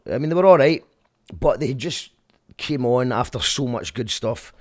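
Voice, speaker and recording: A man's voice: mid-range voice, moderate pace, dry recording, clean studio sound. A man with a Glaswegian Scottish accent in a casual, rambling rant that drifts off on tangents and keeps restarting his sentences. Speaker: vlogger.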